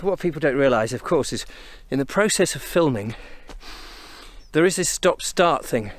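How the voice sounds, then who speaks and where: Fairly high-pitched and expressive, an English vlogger speaks at normal speed, with no room sound, as he walks country paths outdoors. His walking commentary is casual, chatty and meandering, delivered slightly short of breath as he thinks out loud. He records on a tripod-mounted camera he sets up and carries.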